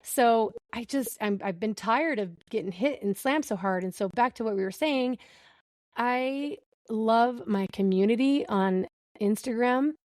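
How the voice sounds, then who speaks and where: A woman's voice: a little high, a little slow, a little mellow, dry recording. A woman in her thirties hosting a podcast, telling a candid story and acting out the dialogue. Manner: candid storyteller, laughs a lot, acts out dialogue. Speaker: podcast host. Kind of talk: casual chat.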